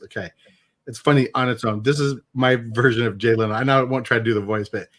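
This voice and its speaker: A man's voice: medium pitch, fairly even intonation, quick pace, a bit bright. A man hosting a morning comedy talk show, telling stories in a chatty way and laughing often. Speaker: host. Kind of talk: casual comedy banter.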